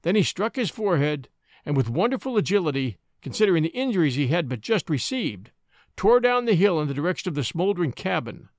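Animated male storyteller, dry sound. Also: on the high side, fairly quick, dry recording. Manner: dramatic, animated reading. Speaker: audiobook narrator and podcast host. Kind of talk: expressive storytelling narration.

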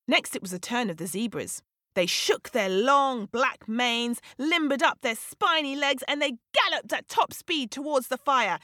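A woman storyteller reads a children's folk tale in a very slow, animated, dramatic way. Her voice sits fairly high, and the recording is close and completely dry. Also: dry recording. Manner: animated, dramatic, sweeping rises in pitch. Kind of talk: expressive storybook narration for children.

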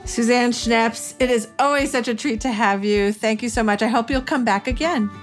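A woman co-hosting a parenting podcast who asks questions in a chatty way and thinks out loud as she goes. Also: on the high side, normal speed, music in the background. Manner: chatty, thinks aloud while asking questions. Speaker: podcast co-host. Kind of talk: casual podcast interview.

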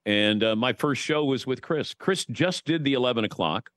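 A man's voice: mid-range voice, moderate pace, no room sound. A man telling stories as a guest in a casual podcast chat, swearing casually now and then. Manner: storytelling, lively, swears casually.

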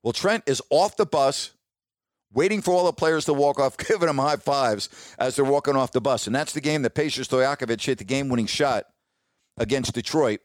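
A middle-aged man, a sports broadcaster, telling stories casually and warmly, dropping his voice when he quotes others. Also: a little fast, no room sound, clean studio sound. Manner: warm, reminiscing, quotes others in a lowered voice. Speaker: sports broadcaster, podcast host. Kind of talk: casual storytelling monologue.

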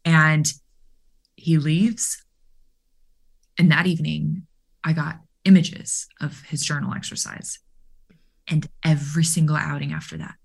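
A woman coach telling a story in conversation, animated and full of fillers, acting out the dialogue she quotes. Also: sits low, a little slow, vocal fry, long pauses, breathy edge. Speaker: guest, mental performance coach for baseball players.

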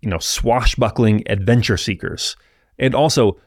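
A man hosting a history podcast, narrating in a relaxed, explanatory way with asides to the listener. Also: on the low side, normal speed, no room sound, studio quality.

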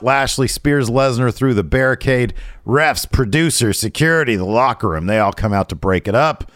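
A man's voice: lowish voice, no echo, studio quality. A man co-hosting a podcast, talking in an easygoing way with loose slang. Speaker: podcast co-host. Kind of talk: casual chat.

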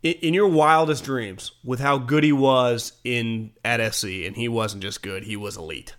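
A man talking casually about football, animated, swearing now and then and acting out quotes. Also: medium pitch, normal speed. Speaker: sports talk show host. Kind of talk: casual sports chat.

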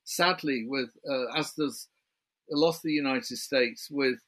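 A man's voice: mid-range voice, measured pace, a bit bright. Chatty British man telling a story. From Britain. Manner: chatty, builds a story point by point. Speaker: author guest. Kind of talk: remote interview, storytelling.

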